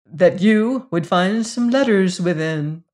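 Reader voicing a shrewd, sharp-tongued woman, crisp and contemptuous, audiobook reading. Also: lowish voice, expressive, slow pace. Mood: cool. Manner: crisp, scornful and firm.

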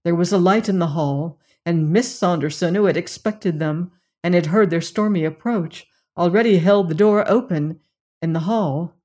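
A narrator reading a classic mystery novel aloud in measured, dramatic storytelling. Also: medium pitch, darkish tone. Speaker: audiobook narrator. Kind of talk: scripted narration.

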